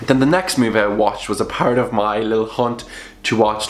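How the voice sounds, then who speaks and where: A young man chatting casually about films he watched, bluntly and with sudden jumps up in pitch for emphasis. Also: moderate pace, soft background music. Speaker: film vlogger. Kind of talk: casual film review vlog. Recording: roomy echo.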